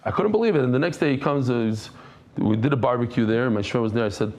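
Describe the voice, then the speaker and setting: A middle-aged man teaching a Talmud class, telling stories in a casual, animated way and sprinkling in Yiddish and Hebrew terms. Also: mid-range voice, fast talker. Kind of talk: casual storytelling lesson.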